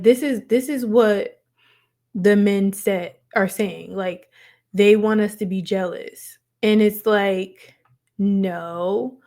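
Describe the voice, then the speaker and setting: Brief: woman host, slow and drawn-out delivery, chatty and emphatic, medium pitch. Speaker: commentary host. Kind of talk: casual commentary to camera.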